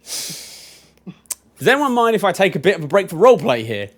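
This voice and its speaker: A young man acting as game master, narrating a tabletop game in a lively, chatty way. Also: high-pitched, moderate pace.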